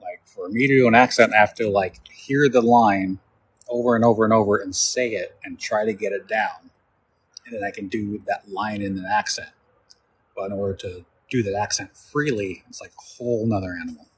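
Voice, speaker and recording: Rambling low-voiced man on a live stream. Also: fairly even intonation, a little fast, breathy edge. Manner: rambling, answers viewer questions with fillers. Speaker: cosplayer reading live chat. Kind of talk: casual live-stream chat.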